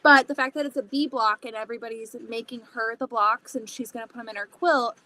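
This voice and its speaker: A woman's voice: fairly high pitch, fairly even intonation, brisk, sharp tone. A woman hosting a casual sewing livestream, chatting to viewers and thinking aloud as she cuts fabric. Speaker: livestream host.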